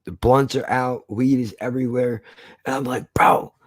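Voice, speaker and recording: A man's voice: medium pitch, moderate pace, no room sound. A man casually telling a story from his past, swearing often and acting out the argument. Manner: profane, animated retelling.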